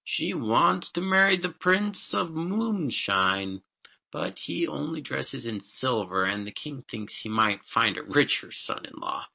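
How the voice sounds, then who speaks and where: Guy reading as a nosy bystander, slow plain gossip, lively pitch. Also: vocal fry, exaggerated voice. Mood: gossipy. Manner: matter-of-fact, gossipy. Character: gossiping male bystander at court.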